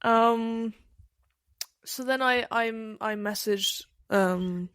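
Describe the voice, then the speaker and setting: A woman's voice: fairly high pitch, drawn-out words, fairly bright tone, clear, resonant tone, no room sound, clean studio sound. A young woman co-hosting a film podcast, chatting bluntly and casually with some swearing. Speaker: podcast co-host. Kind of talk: casual chat.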